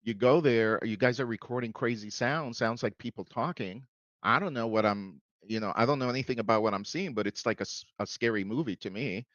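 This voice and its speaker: A man's voice: medium pitch, no room sound, lo-fi sound. A middle-aged man speaking as a podcast guest in a friendly, chuckling way, often restarting his sentences. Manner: animated, chuckling, halting restarts. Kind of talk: casual podcast conversation.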